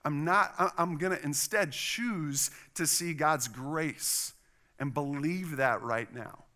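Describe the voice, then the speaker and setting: A middle-aged man preaching a sermon, telling a personal story in an animated way and acting out the voices of the people in it. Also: a little high, takes it slowly. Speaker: pastor.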